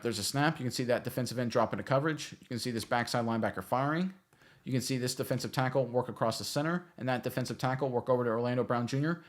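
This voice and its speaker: A man hosting a football film review, breaking down plays in energetic, emphatic commentary with lots of rhetorical questions. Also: mid-range voice. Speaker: football film analyst host.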